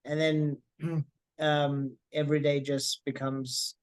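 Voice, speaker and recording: A man, the patient's husband, answering in an interview in a slow, halting way, with restarts and throat clearing. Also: a little high, flat delivery, no echo.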